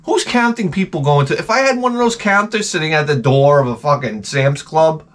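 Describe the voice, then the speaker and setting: A middle-aged man hosting his own channel, giving a crude, profane comedic rant that swings from mutters to shouts. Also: a little high, expressive, fairly quick. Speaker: channel host.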